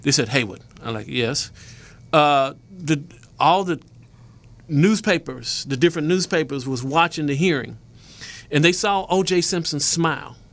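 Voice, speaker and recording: A man who is a guest photojournalist on a talk show, telling a story in an animated way and acting out the people in it. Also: fairly high pitch, unhurried, gravelly. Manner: lively, acts out the people in his story.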